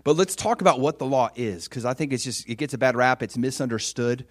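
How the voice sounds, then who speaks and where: A man delivers a sermon in a conversational, animated way at a middle pitch. His voice jumps from loud exclamations down to hushed, near-whispered lines. He acts out the voices of the people he quotes. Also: brisk. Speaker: pastor.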